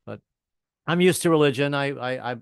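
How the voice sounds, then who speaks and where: A middle-aged man performs a stand-up set over a video call. His voice is smooth and resonant, and it is dry and close to the mic. He tells stories and drops into quick voices of the people in them. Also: medium pitch, no room sound. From American South. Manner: storytelling, doing quick voices of family members. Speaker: stand-up comedian.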